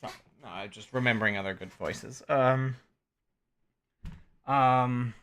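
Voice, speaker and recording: A man's voice: medium pitch, takes it slowly, a bit bright, smooth. A male streamer chatting casually on a livestream, rambling, interrupting himself and laughing often.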